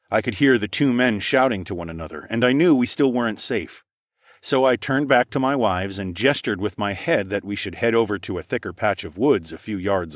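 A man narrating a first-person story in a steady, even reading voice. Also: lowish voice, dry recording, studio quality.

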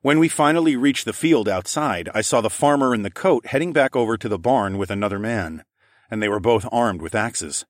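A man narrating a first-person story in a steady, even reading voice. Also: lowish voice, a little fast, no room sound, clean studio sound.

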